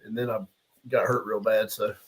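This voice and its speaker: A man's voice: fairly low pitch, flat delivery, moderate pace, poor audio. A middle-aged man, a guest arm wrestler, chatting casually and telling stories with easy chuckles and restarts. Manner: laid-back storyteller with frequent chuckles and restarts. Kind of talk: casual podcast chat.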